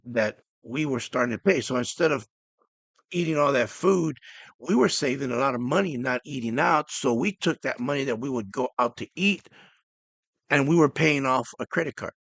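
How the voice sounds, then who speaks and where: A middle-aged man hosting his own podcast, talking earnestly and emotionally with halting restarts. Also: medium pitch, expressive, gravelly, a bit bright, dry recording. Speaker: podcast host. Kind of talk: personal podcast monologue.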